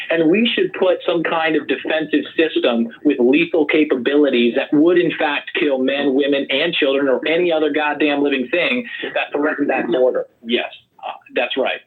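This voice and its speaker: A fairly high-pitched political candidate talks loudly and rambles, mocking his opponents during a heated online debate. The audio sounds tinny, like a call.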